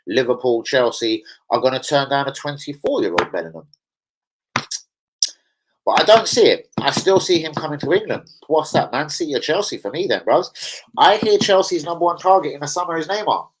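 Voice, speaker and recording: A man's voice: medium pitch, low-quality recording. A man hosting a fan channel, chatting casually about football, full of slang and swearing. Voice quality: profane, animated, slang-heavy. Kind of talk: casual livestream chat.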